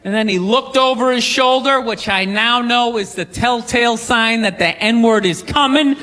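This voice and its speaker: A man does stand-up and tells his story in a loose, conversational way that builds to the punchline. His voice is high, with a bright, forceful edge. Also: normal speed. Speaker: comedian.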